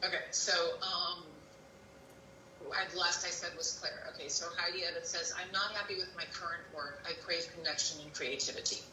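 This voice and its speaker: A woman's voice: fairly low pitch, steady tone, moderate pace, sharp tone, recorded from a distance, slight background noise. A woman co-hosting a live stream, chattily reading viewer comments aloud. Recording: roomy sound from off-mic.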